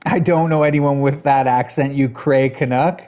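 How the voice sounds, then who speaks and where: This gaming streamer keeps up a casual, laid-back conversation with his audience, saying hello, replying to chat, and laughing a lot. He has a mid-range, darkish voice with a steady tone and speaks at normal speed.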